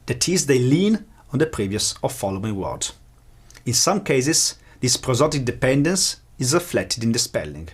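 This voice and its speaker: A man lecturing in a measured, explanatory way, slowing down to pronounce example words. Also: medium pitch, big pitch swings, slightly rough. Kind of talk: academic lecture.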